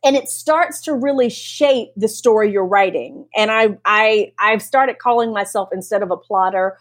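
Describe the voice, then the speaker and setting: A woman novelist talking casually about her writing process, animated, laughing often and restarting sentences. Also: medium pitch, normal speed.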